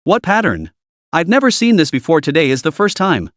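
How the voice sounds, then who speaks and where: A man's voice: fairly high pitch, sing-song, a little fast, no echo, clean studio sound. A man voicing a cold, stubborn young woman student who answers curtly and defiantly. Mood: evasive.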